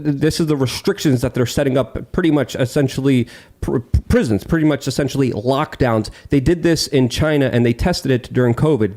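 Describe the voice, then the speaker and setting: A man's voice: mid-range voice, darkish tone. A man on a political talk show panel, ranting heatedly in long run-on lists.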